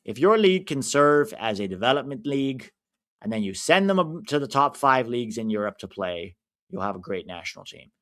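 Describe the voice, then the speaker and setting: An American man commenting casually on a live football match for his stream viewers, reacting loudly to big moments. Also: medium pitch, big pitch swings, fairly quick. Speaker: watch-along streamer.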